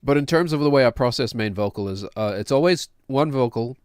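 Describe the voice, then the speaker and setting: A man's voice: mid-range voice, lively intonation, fairly quick, darkish tone, clean tone, no echo. Laid-back late-thirties man, dry close mic. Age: late 30s. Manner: chatty, self-deprecating, laughs often. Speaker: streamer and home music producer. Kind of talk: casual rambling explanation.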